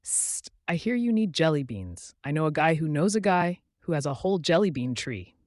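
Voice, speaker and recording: A man's voice: a little high, sing-song, moderate pace, no room sound, clean studio sound. A man voicing a mischievous squirrel who talks in a sly, conspiratorial way. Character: mischievous squirrel in a tiny tuxedo.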